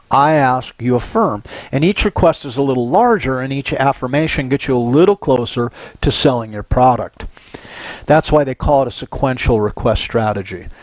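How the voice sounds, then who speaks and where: An older man from Southern California giving a psychology lecture, telling animated personal stories and often checking in with "right?". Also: medium pitch, dry recording. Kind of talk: recorded university lecture.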